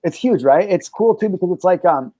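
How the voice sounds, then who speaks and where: A man's voice: high voice, expressive, fairly quick, mellow, dry recording. A man hosting a casual podcast, talking in a brash, boastful and profane way. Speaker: podcast host.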